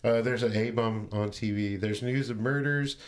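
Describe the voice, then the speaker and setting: A man's voice: medium pitch, fairly even intonation, normal speed. A man co-hosting a podcast, casually retelling a film's plot with swearing and laughter. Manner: laid-back storytelling, swearing and laughing. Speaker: podcast co-host recapping a movie.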